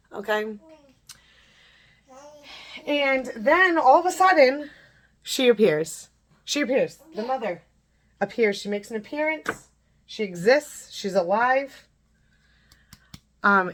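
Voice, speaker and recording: A young woman vlogger telling a story while doing her makeup, laughing often and acting out the people she quotes. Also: medium pitch.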